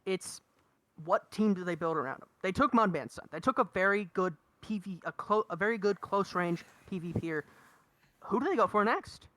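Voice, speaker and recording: A man's voice: sits high, moderate pace, pushed and bright. A young man co-commentating a live esports draft, enthusiastic and analytical, weighing picks with rhetorical questions.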